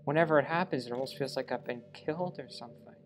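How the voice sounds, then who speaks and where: A man's voice: medium pitch, quick pace, soft background music, lightly acted. A man playing through a game and reading a lovestruck young woman character's lines aloud in his own voice, with small stumbles along the way. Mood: uneasy. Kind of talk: let's play reading game dialogue aloud.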